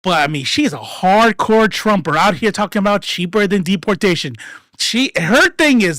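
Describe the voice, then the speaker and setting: A livestream commentator giving casual political commentary, profane and rambling, swinging between loud outbursts and mumbled asides. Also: mid-range voice, animated, normal speed, no room sound, clean studio sound.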